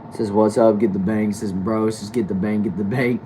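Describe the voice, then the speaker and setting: Young guy on a home livestream, lowish voice, reads chat and answers wryly, steady air-conditioner hiss. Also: fast talker. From Texas. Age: 20s. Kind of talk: casual livestream chat reading comments. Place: small back room at home.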